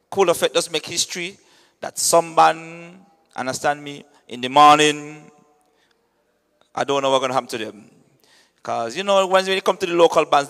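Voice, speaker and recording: A man hosting an event launch and hyping each act with loose, lively local talk. His voice sits a little high and rings with a long hall reverb. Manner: lively, keeps saying "understand me". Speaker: event host. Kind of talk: hyping announcements at a media launch.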